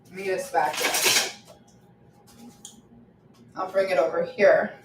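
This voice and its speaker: Baking in her home kitchen, a vlogger chats casually with her livestream viewers, laughing often and letting sentences trail off into fillers. Her voice is fairly low with fairly even intonation and a measured pace, and the echoey kitchen carries faint ambience plus a little hiss or hum.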